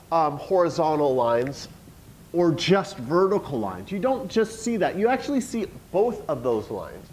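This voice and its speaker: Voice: medium pitch, a little mellow, slight background noise, rough recording. A teacher giving a classroom lesson, coaxing the students with question after question.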